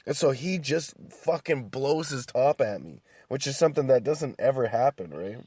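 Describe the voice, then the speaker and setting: A young man telling stories in a calm, laid-back way, full of swearing and restarts. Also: mid-range voice, moderate pace, slightly rough, dry recording. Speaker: podcast host. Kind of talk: casual monologue.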